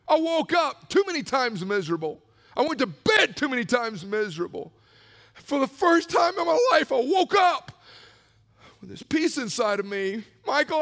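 A middle-aged male pastor preaching his personal testimony, telling it with animated swings from hushed asides to shouts. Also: very high-pitched, gravelly. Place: church sanctuary. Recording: long reverb of a large church hall.

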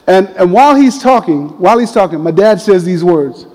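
A middle-aged man telling a personal story in a lively, casual way, laughing often. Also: high voice, fairly quick. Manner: animated, laughs often, uses casual fillers. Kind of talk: storytelling talk. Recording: long reverb of a large hall.

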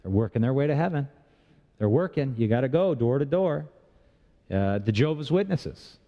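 A man's voice: mid-range voice, expressive, moderate pace, muffled recording. A man preaching a sermon as pastor, talking in a conversational way with rhetorical questions and touches of humor. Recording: long reverb of a large hall.

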